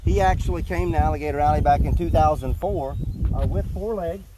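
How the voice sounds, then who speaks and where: A man keeping alligators, explaining them in a relaxed, joking way during an outdoor feeding demonstration. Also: on the high side, brisk. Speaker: alligator park keeper. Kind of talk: casual live animal feeding demonstration. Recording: noisy outdoor recording.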